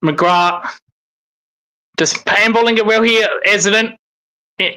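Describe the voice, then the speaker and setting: Sweary fan calling football. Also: male voice, high-pitched, takes it slowly, pauses often, rough recording. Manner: excitable, swears in frustrated outbursts. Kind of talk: live watch-along commentary.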